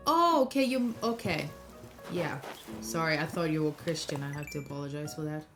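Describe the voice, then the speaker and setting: A woman's voice: low-pitched, creaky. A young woman, chatting casually with viewers while playing a game on a live stream. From Norway. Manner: chatty, answers chat aloud, quick asides to the game. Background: loud game music.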